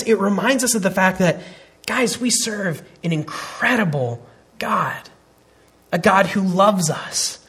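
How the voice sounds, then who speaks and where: A man's voice: high-pitched, a bit bright, breathy edge. A man in his thirties preaching a sermon, earnest and emphatic, often restarting his phrases. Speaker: pastor.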